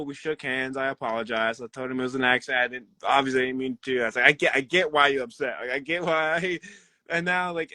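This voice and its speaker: A young man, a wrestler, telling backstage stories in a rambling, animated way and laughing often. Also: medium pitch, no room sound. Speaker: pro wrestler guest. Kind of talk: casual interview storytelling.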